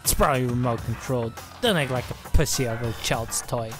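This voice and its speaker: A woman's voice: a bass voice, quick pace. A woman hosting a game let's play, reading all the dialogue aloud in a casual, jokey way. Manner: casual, jokey, voices every character. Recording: voice with game music behind. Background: game music.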